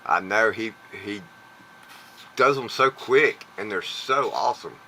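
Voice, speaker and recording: Bright-voiced Southern man on a call. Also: lowish voice, measured pace, slight background noise, low-quality recording. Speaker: guest, trivia show host. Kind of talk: casual chat on a video call. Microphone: video call.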